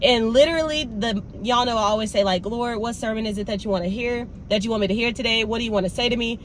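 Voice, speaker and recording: A woman's voice: fairly high pitch, fast, a little hiss or hum. Chatty young woman vlogging to her viewers. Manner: animated, talks straight to viewers with "y'all" and "baby". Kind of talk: casual vlog talk.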